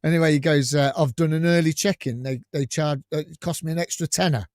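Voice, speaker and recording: A man's voice: fairly high pitch, fast talker, no echo. A man co-hosting a fan podcast, telling anecdotes and acting out the dialogue with laughter. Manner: animated storyteller acting out dialogue, laughing often. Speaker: podcast co-host.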